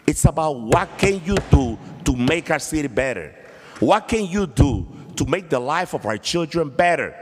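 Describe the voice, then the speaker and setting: Male councilman, fired-up floor speech, slightly high voice, long chamber reverb. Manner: impassioned, combative, repeats phrases. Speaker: city councilman.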